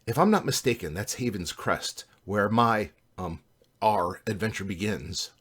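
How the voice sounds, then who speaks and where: A man voicing a young woman paladin who leads her party, speaking in a steady, rallying way. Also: lowish voice, measured pace, slightly rough. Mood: confident.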